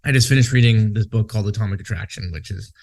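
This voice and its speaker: A man's voice: fairly low pitch, fast. Profane, rambling man. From Western Canada. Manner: profane, rambling, goes off on tangents. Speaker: podcast co-host. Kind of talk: casual podcast chat.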